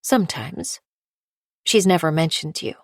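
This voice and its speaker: A woman narrator voicing a gentle, tearful middle-aged aunt with a hippie air. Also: deep voice, animated, a little slow, no room sound, clean studio sound, exaggerated voice.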